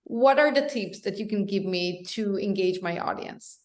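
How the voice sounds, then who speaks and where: A woman's voice: medium pitch, darkish tone. Woman host asking interview questions. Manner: measured, with frequent ums.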